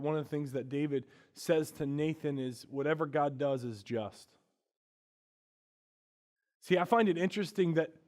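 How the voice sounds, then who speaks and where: Here a male pastor with a fairly high voice gives a sermon that feels like conversation. Quiet, hushed moments alternate with raised, emphatic passages.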